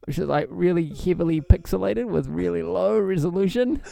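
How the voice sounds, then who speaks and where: A man's voice: high-pitched, a little fast, creaky, mellow. A man co-hosting a casual podcast, rambling and joking, laughing often. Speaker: podcast co-host. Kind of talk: casual comedic chat.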